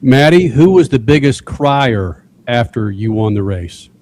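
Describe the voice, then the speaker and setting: A man's voice: medium pitch, animated, unhurried, a little mellow, slight background noise. A man hosting a motorsport show, recapping and asking a driver questions. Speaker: racing show host. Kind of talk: interviewing.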